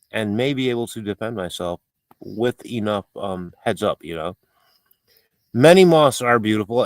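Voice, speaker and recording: A man's voice: medium pitch, no room sound. A man hosting a casual livestream, chatting in a rambling, playful, mock-fussy way as he reads viewer comments. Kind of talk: casual live-stream chat. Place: home, outdoors at night.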